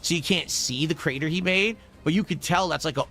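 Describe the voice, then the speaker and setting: A man in casual chat, rambling through an animated story as a podcast co-host. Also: fairly high pitch, brisk.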